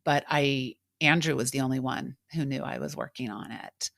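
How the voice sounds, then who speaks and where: A middle-aged woman with a notably low voice speaks candidly and reflectively, like a coach opening up in conversation. She slips into animated quoted voices now and then. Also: normal speed, creaky. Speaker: coach and podcast host.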